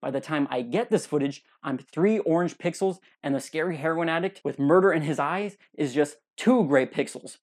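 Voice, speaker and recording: A man's voice: a little high, moderate pace, few pauses. A young man hosting his own podcast, telling a funny personal story and acting out what other people said. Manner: animated, acts out other people's lines. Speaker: podcast host.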